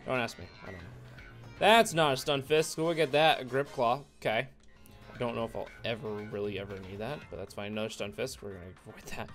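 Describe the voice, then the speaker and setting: A man's voice: medium pitch, a little fast, fairly bright tone, soft background music. A man giving casual, rambling let's play commentary, sarcastic and chatty with viewers. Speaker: gaming YouTuber.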